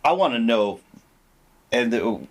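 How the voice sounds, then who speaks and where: A man in a mid-range voice hosts a relaxed podcast, steering the chat with quick prompts and dry teasing remarks. His lines are short, nudging the stories along. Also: medium pitch. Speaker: podcast host.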